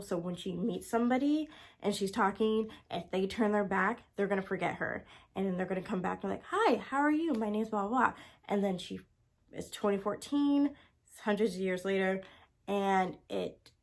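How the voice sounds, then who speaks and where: A woman's voice: mid-range voice, moderate pace. A woman vlogger chatting casually and enthusiastically about her favorite books, gushing with lots of exclamations. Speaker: book vlogger. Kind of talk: casual chat. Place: home, indoors with her cat.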